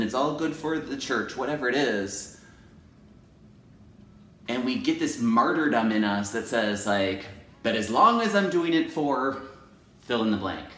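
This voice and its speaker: Expressive man vlogging in an echoey room. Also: measured pace, pauses often. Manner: expressive, jumps into high acted inner voices; ends softly with self-affirmations. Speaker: teacher and video blogger. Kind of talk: personal confessional vlog.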